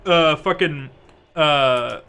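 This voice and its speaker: A man's voice: fairly high pitch, drawn-out words, creaky, bright, forceful tone, a little hiss or hum. A young man chatting casually while gaming, telling a story animatedly, swearing often and laughing mid-sentence. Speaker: co-op gaming channel host.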